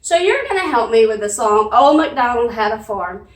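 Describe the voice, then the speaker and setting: A woman's voice: on the high side, expressive, moderate pace. A woman, a children's librarian leading a sing-along lesson with cheerful, coaxing talk and animal sounds. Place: library room. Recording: echoey room, mic at a distance.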